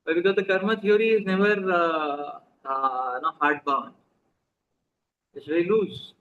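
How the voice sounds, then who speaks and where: An Indian-accented spiritual teacher gives an unhurried, conversational sermon before a live audience, regularly asking his listeners questions and weaving in Hindi. His voice is a little high and a bit bright. The recording is muffled, with slight background noise.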